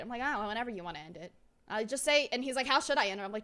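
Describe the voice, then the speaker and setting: A young woman streamer chatting casually and telling a rambling, excitable story, her voice swinging between loud and soft. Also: on the high side, racing. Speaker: VTuber streamer.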